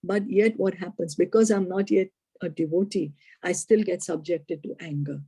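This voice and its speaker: A woman spiritual teacher retelling a scripture story and explaining its lessons, asking lively rhetorical questions. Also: on the low side, normal speed, slightly rough, dry recording.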